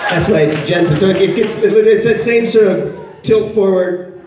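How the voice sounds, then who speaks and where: A man's voice: high voice, measured pace, crowd noise. A man talking on stage in casual banter, laughing often and poking fun at himself. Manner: laughing, playful, self-mocking. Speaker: convention panel guest. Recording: echoey hall from far off, noisy.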